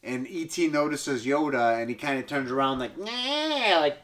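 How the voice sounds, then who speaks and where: This man, a comedian, recaps a movie in a relaxed, foul-mouthed way, punctuated by shrill squeaky impressions and sound effects. He talks briskly with a slightly bright sound.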